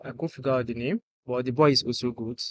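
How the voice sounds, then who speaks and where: A man's voice: mid-range voice, fairly even intonation, fast talker, no echo. Nigerian man, dry and earnest. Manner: earnest, repeats "you get" often. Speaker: guest musician. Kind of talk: casual podcast chat.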